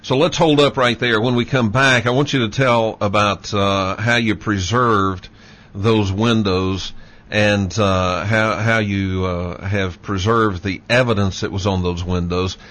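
A man hosting a talk show, measured and steering, with fillers as he talks. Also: on the low side, steady tone, fairly bright tone. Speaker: show host.

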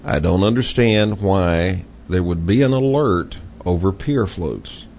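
A low-pitched man with a Texas accent hosts a talk radio show and drives his points home in a folksy, insistent way. The audio is dull and lo-fi, with a faint hiss underneath. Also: lively intonation, a little slow, a little mellow. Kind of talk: casual talk radio discussion.

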